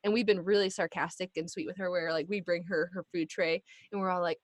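A woman's voice: on the low side, quick pace, hardly any pauses, no room sound, studio quality. Chatty woman telling a family story. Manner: animated storyteller, acts out quoted voices. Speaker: guest. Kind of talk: casual chat.

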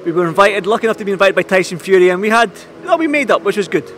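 A man, a boxing interviewer, talking excitably in casual chat. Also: high voice, a little hiss or hum. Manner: rapid-fire, excitable, talks over others.

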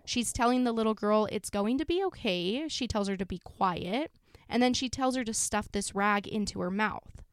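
A woman with a smooth, clear voice narrates a true crime story in a loose, chatty way, full of fillers. She sounds close and dry, with no room around her. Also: mid-range voice, normal speed, dry recording. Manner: casual, sombre retelling with frequent fillers. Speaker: podcast host.

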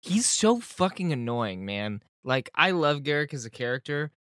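Brief: male podcast co-host, lively and profane, dry close recording. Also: fairly high pitch, moderate pace, no echo. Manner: animated, laughing, swearing, acts out quotes. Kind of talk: casual chat.

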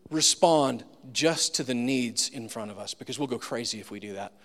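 A man's voice: mid-range voice, normal speed, few pauses, fairly bright tone. A man preaching a sermon as pastor, telling personal stories in a casual, self-deprecating way. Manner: conversational storytelling, self-deprecating humor. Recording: long reverb of a large room.

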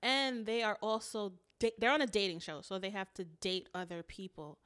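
A woman's voice: mid-range voice, steady tone, moderate pace, fairly bright tone, clear, resonant tone. A woman co-hosting a casual chat about a reality dating show, wry and teasing, correcting details and laughing often. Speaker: podcast co-host.

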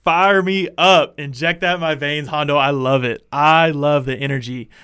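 A young man hosting a casual sports fan show, excitable and rambling, full of restarts. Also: on the high side, moderate pace, smooth, dry recording. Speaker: podcast host.

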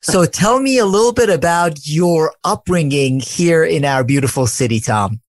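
A man's voice: a little high, animated, moderate pace, no echo. Enthusiastic male podcast host, dry sound. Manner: enthusiastic, effusive welcome. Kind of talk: interview hosting.

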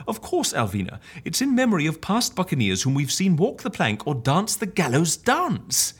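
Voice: mid-range voice, wildly swooping pitch, normal speed, slightly rough. Someone playing a rowdy pirate-talking office mate. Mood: hearty piratical. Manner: theatrical pirate slang, big swoops.

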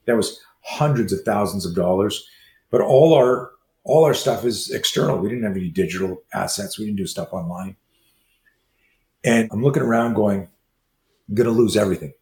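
A man in his sixties, a self-defense trainer, telling stories as a guest and acting out quoted dialogue in a lively way. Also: on the low side. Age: 60s. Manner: acts out quoted dialogue, fast lively delivery. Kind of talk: animated storytelling in conversation. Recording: roomy echo with faint ambience.

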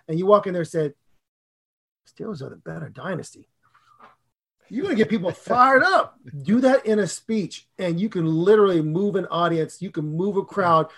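A middle-aged man co-hosting a podcast on public speaking, talking in an excitable, animated way with big jumps in pitch and loudness. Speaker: podcast co-host and speaking coach.

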